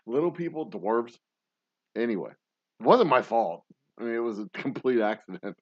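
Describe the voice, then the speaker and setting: A man's voice: mid-range voice, expressive, unhurried, dry recording, highs cut off. A man hosting a livestream, chatting casually in a rambling, joking, profane way and laughing often. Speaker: livestream show host.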